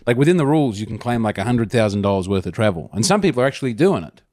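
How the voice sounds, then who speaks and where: A man's voice: medium pitch, sing-song, rapid-fire, a little mellow, no room sound, clean studio sound. An Australian man co-hosting a podcast, chatting in wry, half-joking banter and lecturing his friends with mock seriousness. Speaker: podcast co-host. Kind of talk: casual comedic banter.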